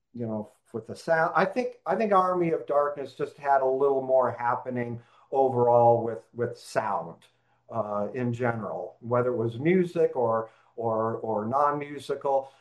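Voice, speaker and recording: A man co-hosting a casual movie podcast, speaking haltingly with many fillers. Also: medium pitch, low-quality recording. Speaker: podcast co-host. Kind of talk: casual chat.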